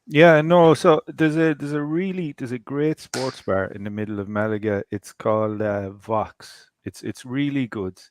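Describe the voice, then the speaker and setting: A man on a casual group video chat, excited and casual, swearing now and then. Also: mid-range voice, normal speed, few pauses, slight background noise. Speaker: podcast guest.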